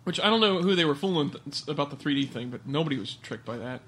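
A man's voice: on the high side, expressive, quick pace, a bit bright. A man co-hosting a casual podcast, joking and rambling, snacking on air. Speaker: podcast co-host. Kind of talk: casual chat.

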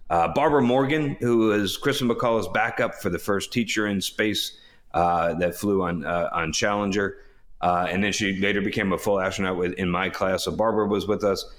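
A man, a former astronaut, telling a long story in casual chat, rambling, restarting and laughing as he goes. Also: fairly low pitch. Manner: rambling, self-interrupting storyteller, laughs often. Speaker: former astronaut, podcast co-host. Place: home by the water.

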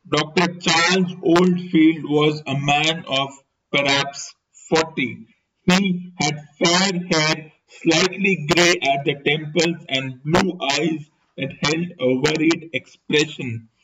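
A man reads a novel aloud for his podcast, taking his time over each phrase. His voice sits slightly high for a man and moves very slowly. The recording is dull and lo-fi, with a steady hiss underneath. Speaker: podcast host and reader. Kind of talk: book reading narration.

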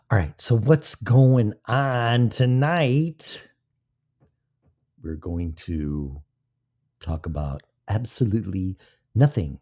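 Low-pitched and mellow, this live-stream host drifts through profane, meandering talk just to fill time, speaking with the microphone placed beside his mouth.

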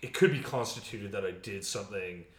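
A man's voice: fairly low pitch, a little fast, roomy sound. A man from Canada, a guest in a casual talk, speaking hesitantly with frequent fillers. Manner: hesitant, many fillers and restarts. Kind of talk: casual conversation.

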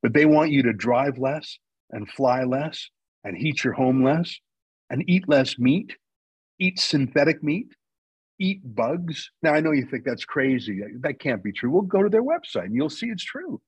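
A man's voice: medium pitch, expressive, unhurried, breathy edge, no room sound, poor audio. A man from Canada speaking as a guest in a radio interview, making his case in an argumentative, emphatic way and answering his own rhetorical questions. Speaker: guest, news company founder.

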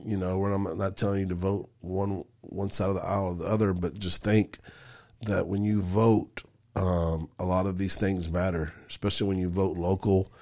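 A man's voice: low-pitched, little pitch movement, moderate pace, a little mellow. A man co-hosting a casual podcast, talking in a loose, rambling way with lots of fillers. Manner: rambling, with many fillers and restarts. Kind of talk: casual chat.

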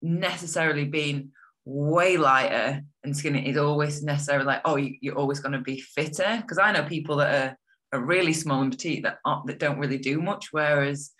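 A young woman talks in a bright, forward voice. She is chatty and enthusiastic, leaning on fillers as she speaks in a casual interview. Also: low-pitched, fairly even intonation, a little fast. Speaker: guest.

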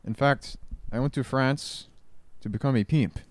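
A man voicing a self-important male persona with a put-on Spanish-style accent, speaking deadpan in stiff formal phrases for a comedy bit. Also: mid-range voice, unhurried, dry recording, close to an everyday voice. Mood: deadpan boastful. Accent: fake Spanish-style accent.

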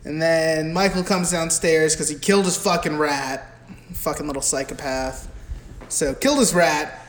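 A young man co-hosting a casual movie podcast, recapping the plot in a crude, profane, animated way. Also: on the high side, moderate pace. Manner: crude, profane, animated retelling with mimicked quotes. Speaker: podcast co-host. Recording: echoey room with faint background hiss.

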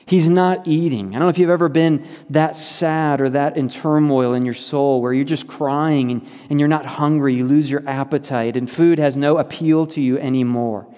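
A man's voice: a little high, steady tone, moderate pace, hardly any pauses, warm tone, long reverb tail. A man preaching a sermon to his congregation in a conversational, earnest way, with many fillers. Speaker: pastor. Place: church sanctuary.

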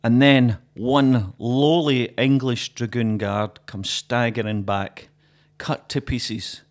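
A man, a podcast co-host, telling a joke and chatting casually, animated and laughing often. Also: medium pitch, slow.

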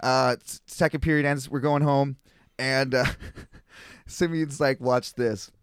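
A man's voice: takes it slowly, smooth, dry recording, studio quality. A man casually telling stories on a podcast, acting out the people in them with a raised voice. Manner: animated storyteller, acts out others in a higher voice. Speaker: podcast co-host. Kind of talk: casual chat, storytelling.

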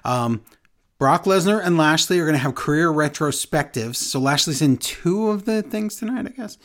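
A woman's voice: sits low, animated, normal speed. A woman co-hosting a casual wrestling recap, sarcastic and exasperated, mocking what she describes. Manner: sarcastic, exasperated, mocks quotes in silly voices. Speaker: wrestling podcast co-host.

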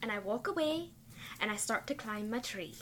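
A woman's voice: on the high side, lively intonation, normal speed, fairly bright tone. A woman as a player in a tabletop game, chatting casually and describing her character's actions with many fillers.

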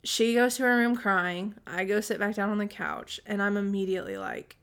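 Animated mom telling a story. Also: female voice, mid-range voice, moderate pace, few pauses. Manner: animated storytelling, acts out quotes; frequent throat clearing. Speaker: podcast co-host. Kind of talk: casual chat.

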